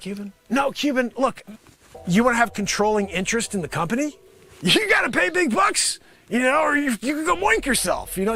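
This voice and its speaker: A man delivers a rambling, sarcastic comedy pitch to an imagined panel of investors. His voice sits high and swings widely in pitch as he talks back to them. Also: sharp tone. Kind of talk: improvised comedy monologue.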